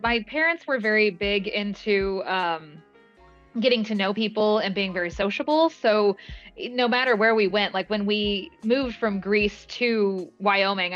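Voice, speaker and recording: A woman's voice: medium pitch, a bit bright. A woman voice actor talks casually in an interview, rambling with many fillers and short laughs. Her voice sits mid-range. The audio is slightly dull, with faint music underneath. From moved often, mainly Alaska. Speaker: voice actress guest.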